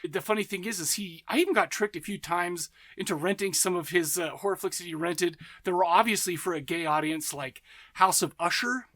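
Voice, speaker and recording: High-voiced enthusiastic rambling man. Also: a little fast, a bit bright. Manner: enthusiastic, rambling, self-interrupting; laughs and acts out voices in anecdotes. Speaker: podcast host. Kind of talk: casual monologue.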